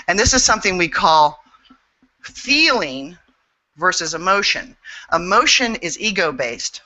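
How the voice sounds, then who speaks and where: A woman's voice: fairly low pitch, animated, unhurried, bright, forceful tone, muffled recording. A woman speaking as an interview guest and intuitive healer, frank and earnest, swearing freely as she talks. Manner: earnest and emphatic. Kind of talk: candid interview talk.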